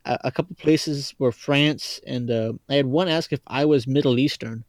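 A man's voice: medium pitch, normal speed, no room sound. A man from Kentucky, a podcast guest in casual chat, talking in a rambling, hesitant and playful way with an accent people find hard to place. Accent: hard-to-place, not regional Kentucky. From Lexington, Kentucky, US.

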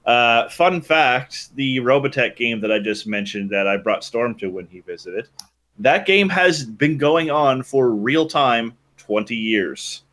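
A man in casual group chat, telling a long story in an animated, rambling way with restarts. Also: medium pitch, a little slow. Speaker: guest.

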